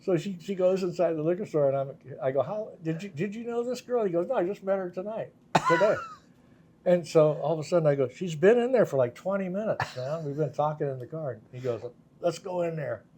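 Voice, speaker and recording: An older man with a slightly high voice tells loose, rambling stories as a guest in a casual interview. He laughs often and slips into the voices of the people he is quoting. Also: a little fast, a little mellow, a little hiss or hum. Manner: laughing, acts out quoted voices in anecdotes. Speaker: guest guitarist.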